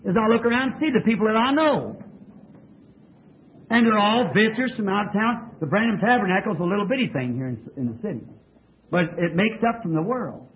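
A man's voice: high-pitched, animated, fairly quick, slight background noise. A man preaching a sermon in a church, asking the congregation questions and pressing his points emphatically. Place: church tabernacle. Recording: tinny lo-fi old tape.

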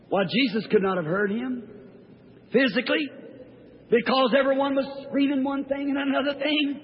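A man preaching a fervent sermon, telling a Bible story dramatically and rising to shouts, heard in a large hall on a dull lo-fi recording. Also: very high-pitched, normal speed, pauses often. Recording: echoey hall, dull lo-fi sound.

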